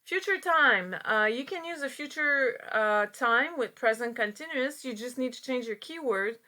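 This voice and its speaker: A woman's voice: sits high, expressive, normal speed, bright, forceful tone. A woman teaching an English grammar lesson, patiently explaining step by step with frequent fillers.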